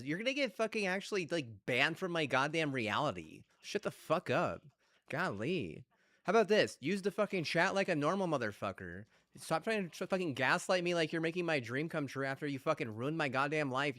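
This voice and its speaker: Young male gamer, foul-mouthed angry rant, slightly high voice, dry close mic. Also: big pitch swings, fairly quick, no room sound. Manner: profane, ranting, yelling bursts.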